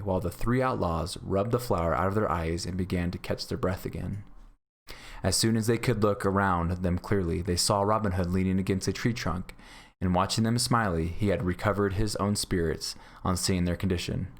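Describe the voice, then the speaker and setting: Deep-voiced male teacher reading aloud. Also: moderate pace. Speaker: grade school teacher. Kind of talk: reading a storybook aloud to a class.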